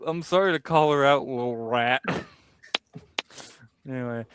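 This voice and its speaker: A man's voice: medium pitch, unhurried, background noise. A man hosting a casual comics chat, joking and swearing, often breaking into laughter. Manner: profane, joking, bursts of laughter. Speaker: podcast host.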